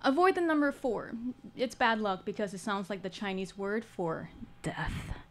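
Wry woman telling a story on stage. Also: on the high side. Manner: wry, humorous, dry asides. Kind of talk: live storytelling performance. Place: stage at a live storytelling showcase.

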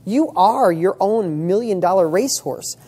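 Husky-voiced man giving an emphatic motivational talk. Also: sits high, expressive, mellow. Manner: emphatic, rapid-fire rhetorical questions; blunt, mild swearing. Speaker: motivational speaker.

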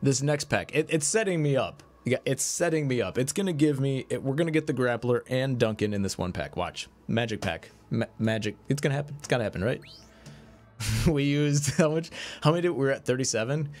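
A man streaming a mobile game, commentating his card pulls, swinging between excited hype and deflated mumbling. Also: medium pitch, fairly quick, faint music behind.

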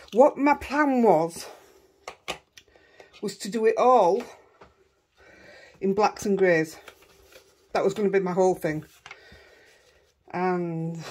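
A middle-aged Yorkshire woman rambles cheerfully while crafting at home for her vlog, thinking out loud and teasing herself. Her voice is mid-range and a little mellow, and the recording carries a faint hiss or hum.

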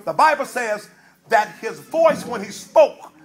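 A man preaching a sermon in a fiery call-and-response style, shouting at times and dropping low at others. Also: sing-song, a little slow.

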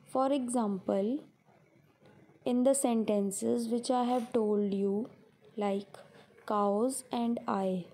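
Slow, mellow-voiced woman teacher. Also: on the high side, steady tone. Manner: slow, explanatory, repeats examples step by step. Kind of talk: classroom grammar lesson.

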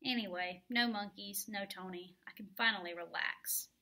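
A woman teacher reading a novel aloud to her students from home, expressive and dramatic, into a computer mic. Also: mid-range voice, normal speed, very noisy. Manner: animated, dramatic storytelling. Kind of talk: expressive first-person read-aloud.

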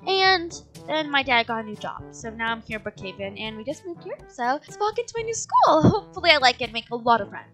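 Kind, bold new schoolgirl, played by a woman: high, bright, upbeat game-roleplay voice. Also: sing-song, fast talker, few pauses, soft background music. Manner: chatty and upbeat, firm when standing up to others. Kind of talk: game role-play voice acting.

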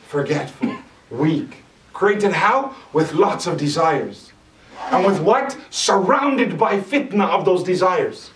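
A male lecturer preaches in a mosque with lively energy, turning often to quiz the crowd. His voice sits a little high for a man. It comes from some way off the microphone, ringing in a roomy, echoing hall. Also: a little hiss or hum. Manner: animated, asks the audience questions. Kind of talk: sermon. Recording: echoey hall, distant mic.

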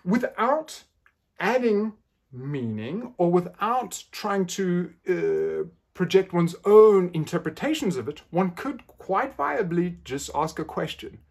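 Lively-voiced man giving a lecture. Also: sits high, slow, creaky, slightly rough. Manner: playful, acts out quoted phrasings with rising questioning tones. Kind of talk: academic lecture.

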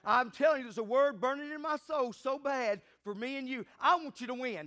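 A pastor preaching to his congregation, his voice high and bright. He presses his points with fervent emphasis and builds to loud peaks. He keeps asking the room for an amen. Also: fairly quick. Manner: calls for congregation responses. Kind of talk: sermon.

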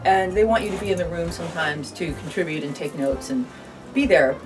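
A woman's voice: on the low side, a little fast. A woman guest in a casual interview, playful and sarcastic, laughing easily as she talks about her acting work. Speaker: actor and director, guest. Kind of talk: casual interview chat over drinks. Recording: distant mic with clear background music.

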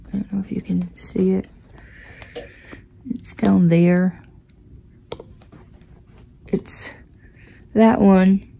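A woman's voice: mid-range voice, level tone, drawn-out words, vocal fry, long pauses, dark tone, a little hiss or hum. A woman hosting a casual crafting vlog, chatty and rambling, with plenty of fillers as she talks. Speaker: crafting channel host.

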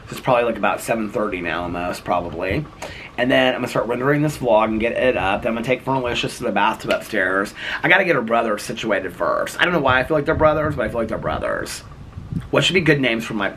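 Against slight background noise, a man with a medium-pitched, fairly bright voice vlogs outdoors at home one evening. His casual chat to camera is playful and rambling, broken up by laughter.

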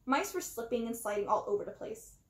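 A woman gives an animated storybook read-aloud, with a high voice that leaps all over. She acts out the first-person narrator as she goes. The recording has a roomy, echoing sound. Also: a little fast. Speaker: storybook reader. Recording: roomy echo.

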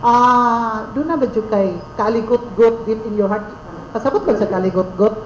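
A Filipino-accented woman interviews a guest on radio in a fairly high voice, switching languages as she asks halting questions. The room sounds echoey, and a faint hum sits in the background. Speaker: radio host.

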